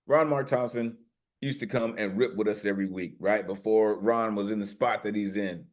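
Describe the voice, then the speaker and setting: A man with a lowish voice hosts an online poetry open mic from a video call. He talks loosely and keeps hyping the poets, leaning on "listen" and "man" as he goes. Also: steady tone, moderate pace. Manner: warm hype, repeats "listen" and "man". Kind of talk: casual hosting chat and spoken word. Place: home via video call.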